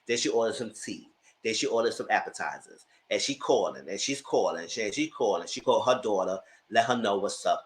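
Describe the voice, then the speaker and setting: A TV recap YouTuber with a lowish voice reviews an episode casually, chatty and animated, tossing in sassy asides and laughing often.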